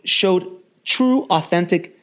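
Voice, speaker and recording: A man hosting a podcast interview, chiming in with quick reactions and thinking aloud with restarts. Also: high-pitched. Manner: short reactive interjections, then rambling restarts. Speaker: podcast host. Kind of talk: casual interview chat.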